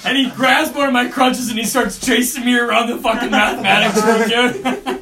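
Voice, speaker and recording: A man's voice: extremely high pitch, steady tone, moderate pace, roomy sound, far from the mic, a crowd in the background. A young man co-hosting a podcast, telling stories casually with lots of cursing and laughter. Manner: profane, laughing storyteller. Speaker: podcast co-host. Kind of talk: casual storytelling chat.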